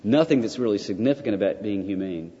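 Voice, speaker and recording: An older man delivers a theology lecture in a fairly low voice, pressing his points with repetition and rhetorical questions. The recording is dull and lo-fi. A long reverb trails behind him, as in a large hall. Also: animated, fast talker, warm tone, a little hiss or hum. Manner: emphatic, repeats key points, rhetorical questions.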